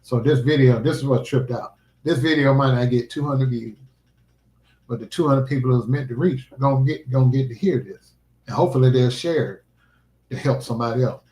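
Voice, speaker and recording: In a casual yet heartfelt livestream vlog, a man talks about his faith and life with earnest, preacherly emphasis. His warm, medium-pitched voice moves briskly, and the audio carries a roomy echo.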